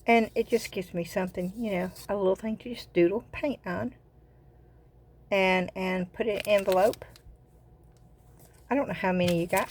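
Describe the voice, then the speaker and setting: A woman's voice: medium pitch, lively intonation, a little slow, long pauses, a little hiss or hum. An older woman with a Southern US accent, chatting casually in a craft vlog. She rambles and often repeats her words as she goes. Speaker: craft vlogger. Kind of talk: casual chat.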